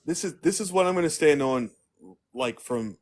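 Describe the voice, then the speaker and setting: A man's voice: a little high, lively intonation, normal speed. A man hosting a live stream, talking bluntly and emphatically and swearing freely.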